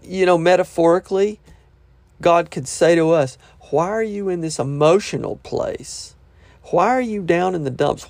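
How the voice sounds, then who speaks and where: A man's voice: a little high, vocal fry, a little mellow, dry recording. A man preaching a sermon, reading scripture verses aloud and breaking off to explain them in plain, conversational words.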